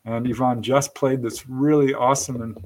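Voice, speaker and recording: A man's voice: mid-range voice, fairly even intonation, normal speed. Man hosting a live paranormal talk show. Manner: friendly, chatty, reads station info from notes. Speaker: host.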